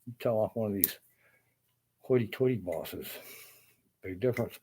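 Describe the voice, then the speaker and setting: There's a little hiss or hum behind this man's warm, lowish voice as he talks at a moderate pace. He's a carpenter ranting casually to camera, swearing, bitter, and wandering off into restarts and asides.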